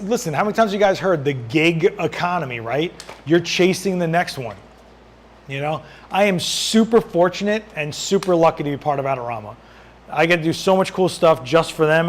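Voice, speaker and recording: A man hosting a casual live-stream Q&A as a photographer, answering viewer questions while he adjusts his lights, his voice worn and going hoarse. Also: on the high side, slight background noise. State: losing his voice.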